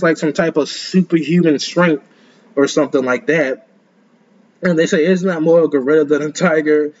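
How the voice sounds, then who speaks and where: A man's voice: on the high side, moderate pace, a little mellow. Dude rambling thru casual commentary, trips over his words a lot, kinda muffled recording. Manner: rambling and stumbling, repeats words, chuckles often.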